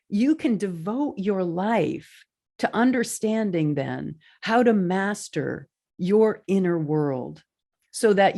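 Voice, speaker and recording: A woman hosting a podcast, speaking in an earnest, inspirational monologue with animated storytelling. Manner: earnest, animated storytelling with lively pitch swings. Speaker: podcast host.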